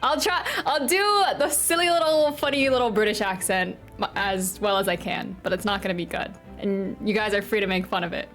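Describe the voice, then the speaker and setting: A woman's voice: mid-range voice, brisk, hardly any pauses, a bit bright, faint music behind. A woman streaming a game, chatting casually, giggling often and swearing offhandedly while she fusses about her own performance. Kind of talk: casual gaming commentary.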